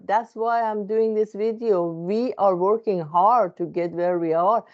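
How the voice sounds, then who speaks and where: A therapist, a woman with a non-native English accent, earnestly sharing a reflective self-help monologue with many pauses and restarts. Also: medium pitch, highs cut off. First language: not English.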